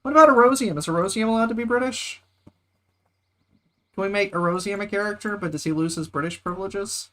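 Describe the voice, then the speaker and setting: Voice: medium pitch, a little fast, a bit bright. A streamer, joking and chatting casually during a game. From United States. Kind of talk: casual gameplay chat.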